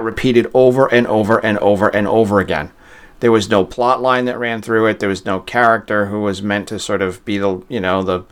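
Blunt, low-voiced man. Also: clean tone. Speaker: podcast co-host. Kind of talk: casual chat.

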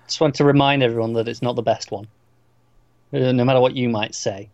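A man's voice: medium pitch, fairly even intonation, a little fast, darkish tone, dry recording, lo-fi sound. A man co-hosting a podcast in casual chat about films, teasing and opinionated. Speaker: podcast co-host. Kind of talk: casual film-list chat.

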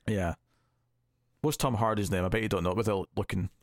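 A man's voice: on the low side, steady tone, fairly quick. A man co-hosting a podcast, chatting casually and hesitantly about a film he reviews. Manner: rambling, hesitant, restarts often. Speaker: podcast co-host.

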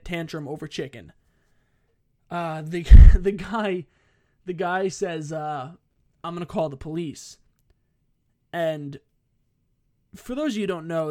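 High-voiced, profane guy telling a story. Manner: profane, animated, self-interrupting. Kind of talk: casual comedic storytelling.

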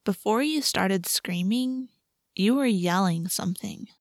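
A woman's voice: fairly low pitch, slow pace, gravelly, darkish tone, dry recording, studio quality. A woman voicing a puzzled young girl, the narrator's sister, speaking in a whisper in an audiobook.

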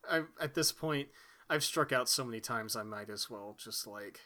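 Young man, from Texas, podcast co-host, bright tone, rambling, joking, casual chat. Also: medium pitch. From Texas, United States. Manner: rambling, joking, quick to laugh.

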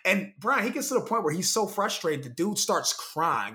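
A man's voice: high-pitched, normal speed, hardly any pauses, a little hiss or hum. A man in his late twenties co-hosting a podcast, chatting casually, swearing freely and acting out what others said with a laugh. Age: 20s. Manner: animated, swearing, laughs often, acts out quotes. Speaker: podcast co-host. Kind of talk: casual chat.

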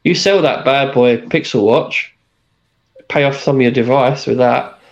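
A man co-hosts a tech podcast in a relaxed, agreeable way, often repeating himself as he talks. His voice sits at a middle pitch. It comes through dull and muffled, like remote call audio. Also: a little slow. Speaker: podcast co-host. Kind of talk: casual tech chat.

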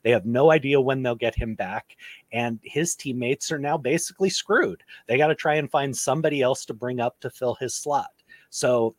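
A man co-hosts a sports podcast and talks through the news bluntly, with lots of restarts. His voice sits at an ordinary pitch, and the recording is dry and close. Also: no room sound. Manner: blunt, animated storytelling with frequent restarts. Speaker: podcast co-host. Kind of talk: casual sports chat.

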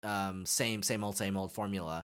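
A podcast co-host in casual chat, retelling scenes excitedly with lots of fillers and restarts. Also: sits low, normal speed, smooth.

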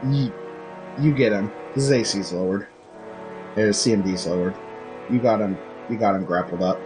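Man, game master, lowish voice, loose joking narration, faint music behind. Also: moderate pace. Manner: loose, jokey, restarts often.

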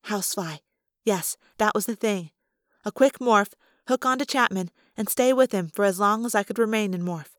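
A woman reading a first-person novel aloud with steady, expressive storytelling. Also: medium pitch, normal speed, dry recording, clean studio sound. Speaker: audiobook reader.

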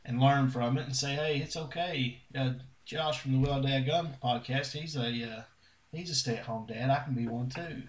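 A man hosting a casual podcast chat, relaxed and drawling with lots of fillers. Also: mid-range voice, moderate pace, recorded from a distance. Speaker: podcast host. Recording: echoey room.

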